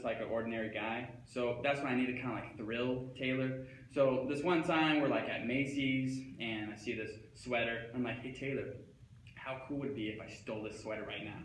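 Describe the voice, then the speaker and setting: A man's voice: medium pitch, fairly bright tone, slight background noise. A young man doing a comic stage monologue, dopey and starstruck, rambling with manic outbursts. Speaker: comedic monologue performer. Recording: echoey hall, faint ambience.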